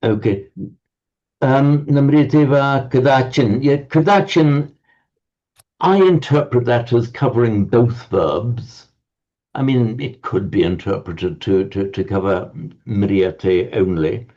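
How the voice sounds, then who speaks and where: A man teaching a Sanskrit class online, explaining slowly and often repeating words as he searches for them. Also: mid-range voice, warm tone, lo-fi sound.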